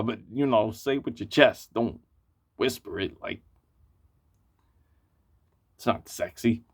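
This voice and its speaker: A man giving a casual spoken album review, blunt and profane, rambling with lots of fillers. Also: medium pitch. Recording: muffled lo-fi recording.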